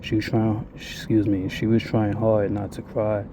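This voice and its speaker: A man talks straight to his viewers in a blunt, rambling confessional, swearing freely. His voice sits low and very dark, with a mellow, relaxed timbre. He barely moves his pitch, staying flat and even throughout. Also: a little slow, slight background noise. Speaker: vlogger. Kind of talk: confessional monologue.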